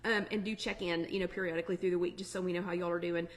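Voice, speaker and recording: A woman's voice: lowish voice, fairly even intonation, rapid-fire. A middle-aged woman, hosting a casual live online chat in a chatty, upbeat way with plenty of fillers. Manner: chatty, upbeat, warm Southern-flavored asides with lots of fillers. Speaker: online weight-loss chat host.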